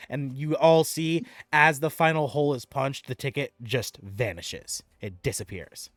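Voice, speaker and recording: A man narrating a tabletop game as game master, lively and animated. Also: medium pitch, unhurried, no room sound.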